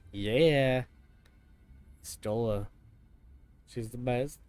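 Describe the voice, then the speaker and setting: A man's voice: mid-range voice, measured pace, long pauses, darkish tone. A man streaming a video game, making joking, crude casual comments over the cutscenes.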